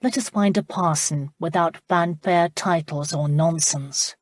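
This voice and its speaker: A woman narrating gives voice to a young duke declaring his love in a storybook romance. He sounds earnest and declarative, fervent but plain. The tone is low and husky, close and dry. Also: unhurried, dry recording. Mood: ardent. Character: ardent young male duke, proposing.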